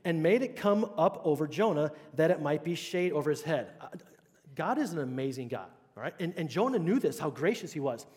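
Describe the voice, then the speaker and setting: Male preacher with a fairly high voice, casual conversational sermon, lots of questions to the room, long church reverb. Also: animated, a little fast, darkish tone. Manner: conversational, checks in with the congregation. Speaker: pastor. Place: church sanctuary.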